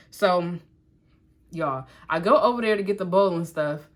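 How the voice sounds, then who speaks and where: While doing her makeup, a young woman vlogger shares a personal story with her viewers in a fairly low voice at a moderate pace. She's chatty and animated, sprinkling in asides and lots of "like," and keeps the tone easy and conversational the whole way through.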